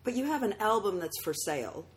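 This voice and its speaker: A woman's voice: mid-range voice, sing-song, fairly quick, slight background noise. A woman podcast host from Russia, raised in Australia, chatting in a blunt, teasing way. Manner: blunt, teasing, swears freely. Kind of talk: casual podcast chat.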